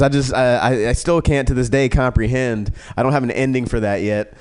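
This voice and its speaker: A man doing a rambling stand-up set, swearing freely and stumbling through fillers and restarts. His voice sits at an average pitch for a man, and it shoots up whenever he voices the people in his stories. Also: fairly even intonation, fairly quick, few pauses, a little mellow. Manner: rambling and profane, with many fillers; acts out characters in a raised pitch. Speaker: stand-up comedian.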